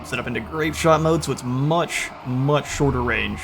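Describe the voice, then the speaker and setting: A man's voice: medium pitch, moderate pace, creaky, background noise. A man casually commentating his own strategy game session, thinking aloud with frequent fillers and restarts. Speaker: gaming channel host.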